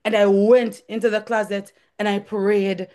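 A young woman giving a fervent testimony sermon, her voice climbing into shouts as she tells her story. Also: medium pitch, little pitch movement, a little slow. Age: young adult.

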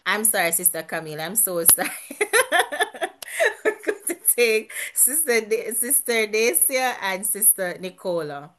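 A woman's voice: mid-range voice, animated, measured pace, fairly bright tone, slight background noise. A woman hosting a casual quiz over a video call, chatty, laughing often and restarting her sentences. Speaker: quiz host at an online church gathering.

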